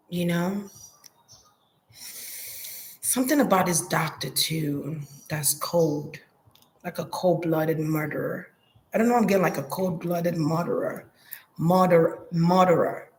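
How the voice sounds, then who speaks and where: A woman's voice: fairly low pitch, unhurried, long pauses, a little mellow. A woman giving a psychic reading in a hesitant, murmuring way, repeating words and trailing off. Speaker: psychic reader. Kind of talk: intuitive reading monologue.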